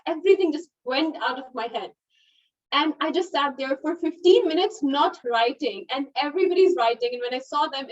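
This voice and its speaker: High-voiced woman hosting a webinar. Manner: chatty, laughs often, many fillers like "okay" and "you know". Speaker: webinar host. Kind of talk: casual webinar moderation. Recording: dull, distant webinar audio.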